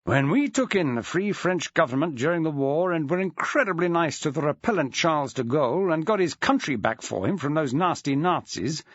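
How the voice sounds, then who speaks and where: A man's voice: fairly high pitch, fairly bright tone, no room sound, highs cut off. A man reading an audiobook, voicing a wry, theatrical male schoolteacher with a dry, mock-grand way of talking.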